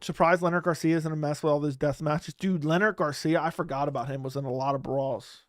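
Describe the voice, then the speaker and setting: A man's voice: a little high, fairly even intonation, brisk, no room sound, clean studio sound. A man hosting a live stream, chatting casually and bluntly in loose slang while he reads out viewer comments. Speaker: livestream host. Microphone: studio microphone close up.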